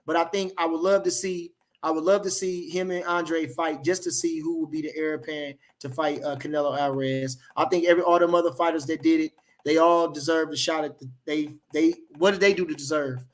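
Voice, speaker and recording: High-voiced chatty boxing streamer. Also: male voice, fairly even intonation, fairly quick. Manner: loose, repetitive, slangy, repeats phrases for emphasis. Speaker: boxing livestream host. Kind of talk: casual livestream chat reading comments.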